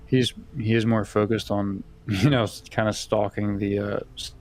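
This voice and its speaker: A man's voice: fairly low pitch, flat delivery, normal speed, a little hiss or hum. A man playing a tabletop game, explaining his character in a casual, hesitant way with fillers and laughs. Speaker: player.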